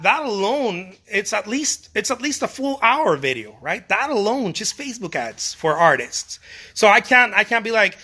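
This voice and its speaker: A man's voice: high-pitched, sharp tone. A middle-aged man giving a casual motivational talk to fellow artists, emphatic and repetitive, often restarting his phrases and swearing casually.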